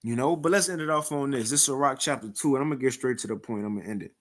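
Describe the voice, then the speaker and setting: A man giving informal scripture commentary with readings, animated and mocking, often repeating and restarting words. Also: mid-range voice, very fast. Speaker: scripture teacher reacting to another video.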